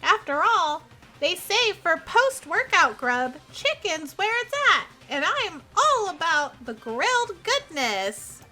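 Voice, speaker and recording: A woman's voice: very high-pitched, big pitch swings, slow pace, bright, forceful tone, heavily acted. An actress voicing a peppy, food-obsessed young woman athlete in a game, bubbly and emphatic. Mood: chirpy. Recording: game audio with faint music.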